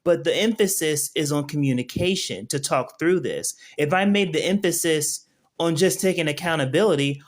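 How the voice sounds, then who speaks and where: A man with a fairly high voice leads a relaxed live-stream lesson. He talks straight to his viewers and keeps asking whether they can see what he is doing. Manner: conversational, keeps checking in with viewers. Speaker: spiritual teacher. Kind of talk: casual live-stream tutorial.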